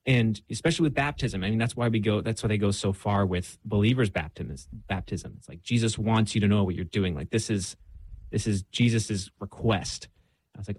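A man's voice: fairly low pitch, fairly quick, darkish tone, husky, dry recording. A young man telling his own faith story in a candid, self-deprecating way, full of fillers and restarts. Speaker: guest. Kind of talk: casual faith conversation.

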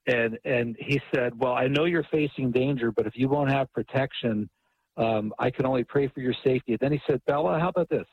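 An author appearing as a radio guest by phone retells a story at length in a medium-pitched, fairly quick voice. He restarts often and quotes dialogue, and the phone line sounds tinny.

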